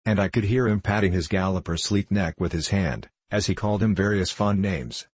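A man narrating a classic novel as an audiobook reader, in a measured, even storytelling manner. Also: low voice, slightly rough, dry recording.

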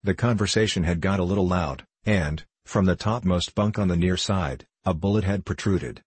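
Deep, husky-voiced man reading a story. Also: normal speed, no echo. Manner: steady storytelling, dropping into rough convict voices for dialogue. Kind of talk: audiobook narration with character voices.

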